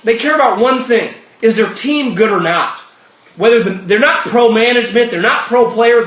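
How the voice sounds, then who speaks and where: High-voiced man ranting about sports. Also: pushed and bright. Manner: blunt, profane, heated ranting. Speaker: sports podcast host. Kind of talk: opinionated sports talk monologue. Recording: roomy echoey room.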